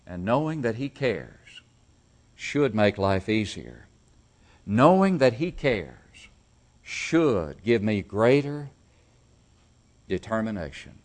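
A man's voice: lowish voice, very animated, takes it slowly, long pauses, a little mellow. A man preaching a sermon to a congregation, emphatic, repeating key phrases and asking rhetorical questions. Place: church service.

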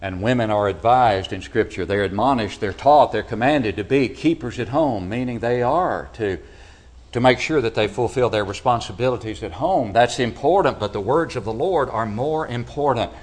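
A man preaching a sermon to a congregation in a church, asking them rhetorical questions and swinging between loud, emphatic peaks and quiet, low drops. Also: moderate pace. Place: church building.

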